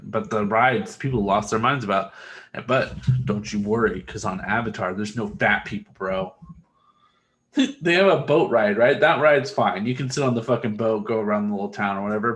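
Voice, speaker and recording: A man's voice: on the low side, fairly bright tone. A man co-hosting a podcast, telling long rambling stories in casual chat and swearing freely. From Texas. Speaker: podcast co-host.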